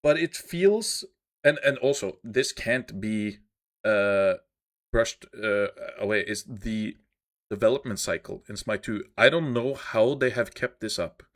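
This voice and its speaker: A man's voice: fairly low pitch, a little slow, fairly bright tone. A man co-hosting a gaming podcast, giving opinions in casual chat with frequent fillers. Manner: opinionated, hesitant with many uh fillers. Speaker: podcast co-host.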